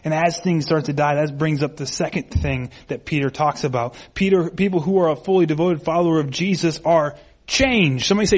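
A man delivers a sermon in a light, high-pitched voice. He preaches conversationally and with animation, reading scripture and then slipping into exaggerated voices to act out everyday excuses. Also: brisk, hardly any pauses. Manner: animated, acts out quoted people in raised voices. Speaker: pastor.

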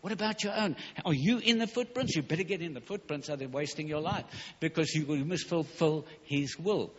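A man preaching a fervent sermon, emphatic and hurried, stumbling over words at times. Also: a little high. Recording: dull recording in a large hall.

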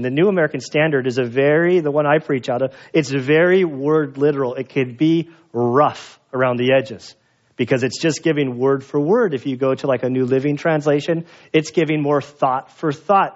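Higher-voiced male pastor telling stories. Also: lo-fi sound. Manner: casual storytelling, conversational with fillers. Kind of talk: sermon.

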